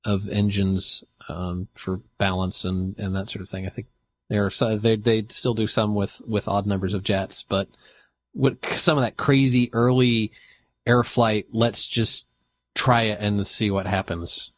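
A man co-hosting a casual podcast, speaking haltingly with many fillers and restarts. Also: fairly low pitch, steady tone. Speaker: podcast co-host.

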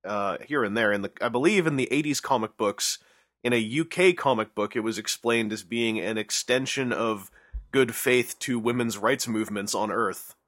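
A man's voice: medium pitch, moderate pace, fairly bright tone, no echo, studio quality. A man co-hosting a casual podcast, talking with enthusiasm and rambling through fillers. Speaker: podcast co-host.

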